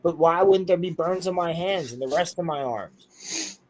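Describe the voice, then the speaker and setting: Young man, fairly high voice, excitable, profane, insistent storyteller, casual podcast chat. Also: normal speed, a little hiss or hum, poor audio. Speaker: guest telling a personal story.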